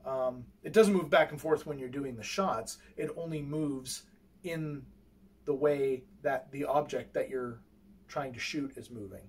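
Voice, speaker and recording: A man's voice: medium pitch, unhurried, slightly rough. A man showing his own telescope gear in an unscripted how-to, rambling and hesitant, full of fillers and restarts while he handles the equipment. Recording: distant mic with faint background noise.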